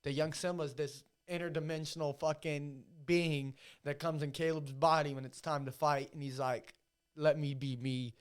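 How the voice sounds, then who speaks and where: A man's voice: fairly high pitch, fairly even intonation, moderate pace, hardly any pauses, clean tone. A man, a fighter guest on a podcast, telling emotional stories in casual, heavily profane chat.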